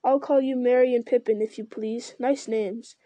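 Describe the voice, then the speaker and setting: A woman reading aloud and voicing an ancient, slow-spoken male tree giant who muses with hums and never hurries. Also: on the high side, steady tone, mellow, no echo, lightly acted. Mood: musing. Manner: slow, deliberate, musing with hums. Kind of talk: reading a fantasy novel aloud.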